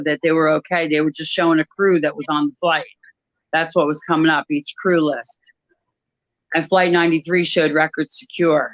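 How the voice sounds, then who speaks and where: A woman giving a personal testimony about her work at an airline crew desk, talking in a halting way with many pauses and restarts. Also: deep voice, no echo, muffled recording.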